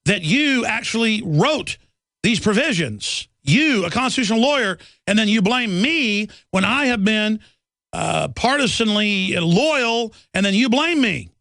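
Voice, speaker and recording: A man mimicking an indignant male senator in a high, shrill, mocking voice on a talk radio show. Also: expressive, measured pace, pushed and bright, no room sound, exaggerated voice.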